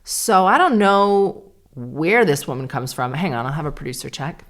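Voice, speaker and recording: A woman in her forties talks her way through a solo podcast episode in a low, deep-set voice. She is candid and chatty, dropping dry sarcastic asides as she goes. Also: lively intonation, normal speed. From Canada. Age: 40s. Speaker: podcast host. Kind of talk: casual solo podcast chat.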